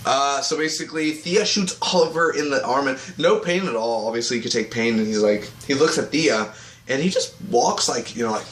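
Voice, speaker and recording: A man giving a casual spoken review of a TV episode, rambling and excitable, recorded on a tablet. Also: medium pitch, fairly quick, echoey room, a little hiss or hum. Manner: rambling and excitable, acts out characters' lines.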